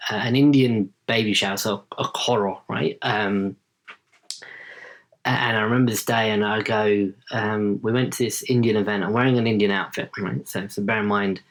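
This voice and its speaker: A man's voice: fairly low pitch, fairly bright tone. A man in his late thirties, a podcast guest telling a story casually, often tagging his sentences with "right?". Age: late 30s. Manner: chatty, tags sentences with "right?".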